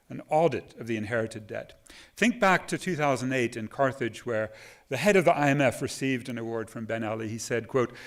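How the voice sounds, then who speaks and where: Guy on a conference panel, mid pitch, emphatic, talking into a mic. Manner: emphatic, quotes sources at length. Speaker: panel speaker. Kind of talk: conference talk. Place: conference hall. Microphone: microphone at a podium.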